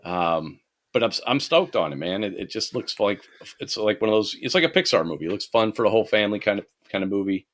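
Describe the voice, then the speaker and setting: A man's voice: lowish voice, expressive, fast. A man co-hosting a podcast, talking animatedly in casual chat, ranting and swearing freely. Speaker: podcast co-host.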